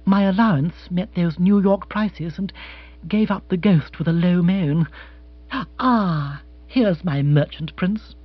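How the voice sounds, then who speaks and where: A man's voice: high voice, slow pace, no echo. A man voicing a wry, sophisticated young wife. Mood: breezy. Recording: dry, slightly dull audiobook.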